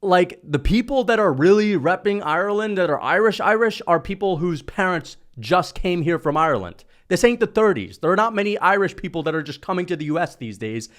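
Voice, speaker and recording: A man from New rants about combat sports in a high, lively voice. He mocks and swears freely, with the loose tone of a casual vlog. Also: brisk, few pauses. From New York. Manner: mocking, profane, animated. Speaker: MMA commentator vlogger. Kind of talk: casual rant.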